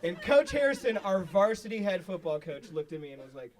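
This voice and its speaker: A man doing a stand-up comedy set, telling stories in an animated way that breaks into high excited shouts. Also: fairly quick. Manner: animated storytelling, shouting into squeaky high bursts when excited. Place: small live venue with audience. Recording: live club recording, mic at a distance, audience laughter.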